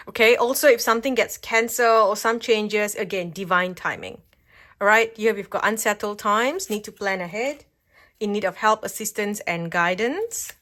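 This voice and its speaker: At home at a table with cards, a woman gives a pick-a-card tarot reading, chatty and reassuring, often checking in with "okay?" Her voice is medium-pitched and a bit bright.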